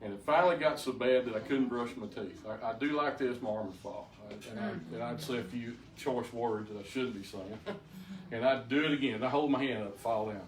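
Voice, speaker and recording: A man's voice: medium pitch, expressive, a little fast, crowd noise. An older man giving a folksy personal testimony to a group, plainspoken and often stammering into restarts. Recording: roomy, distant mic, faint background noise.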